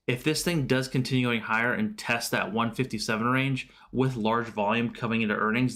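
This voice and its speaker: A man's voice: on the low side, fairly bright tone. A man hosting a casual live stream about stocks, loose and chatty with lots of fillers, answering viewers' questions. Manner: loose and chatty, many fillers and self-corrections. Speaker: livestream host.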